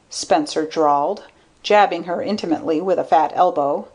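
A woman narrating an audiobook story in an even, steady manner. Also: fairly low pitch, moderate pace.

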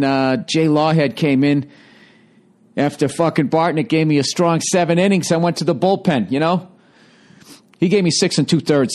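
A man's voice: on the low side, a little mellow. A man hosting a solo podcast, rambling and swearing heavily as he tells a heated story in a casual rant. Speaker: podcast host.

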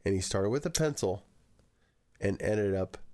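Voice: deep voice, animated, a little slow, dark tone. A podcast co-host in casual chat who tells stories and swears casually.

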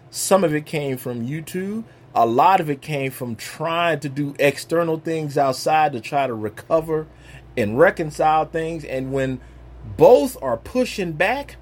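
A man preaching an informal sermon in a conversational way, swinging between loud and soft. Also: a little high, breathy edge.

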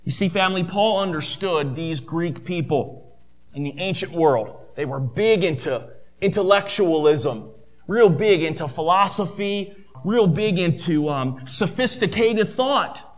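A man preaching a sermon, animated, with slow drawn-out stresses and incredulous quoted voices. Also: sits high. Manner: acts out quoted skeptics in an incredulous tone.

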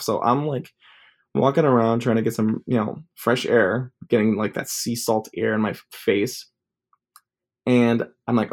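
A man's voice: fairly low pitch, fairly even intonation, moderate pace, a little mellow. Rambling young man telling a story. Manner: rambling, full of "like" fillers. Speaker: vlogger. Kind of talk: casual storytelling.

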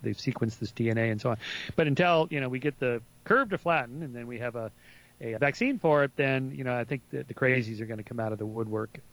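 A man talking casually as a radio guest, his speech full of "you know" and restarts. His pitch sits in an ordinary middle range. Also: fast talker, a bit bright. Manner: hesitant, many fillers and restarts. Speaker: guest author. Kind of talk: casual interview talk.

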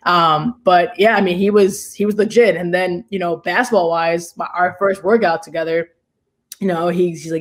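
A woman's voice: fairly low pitch, fairly even intonation, normal speed. Chatty young woman telling a story. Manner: rambling, full of "like" and "you know". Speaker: interview guest, basketball player. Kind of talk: casual storytelling.

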